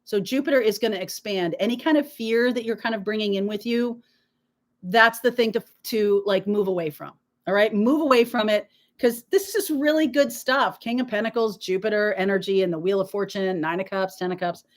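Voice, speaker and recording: A woman's voice: mid-range voice, fairly quick. A woman hosting a live tarot reading, talking to her viewers in a reassuring, emphatic way while nursing a sore throat. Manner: reassuring, emphatic, peppered with "okay?". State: sore throat, frequent throat-clearing. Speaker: tarot reader, live stream host.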